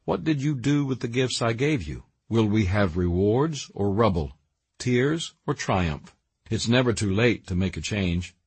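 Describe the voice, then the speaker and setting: A man narrating a Christian book in an earnest, measured reading style that rises for emphasis. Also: fairly low pitch, slightly rough, no echo. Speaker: audiobook narrator.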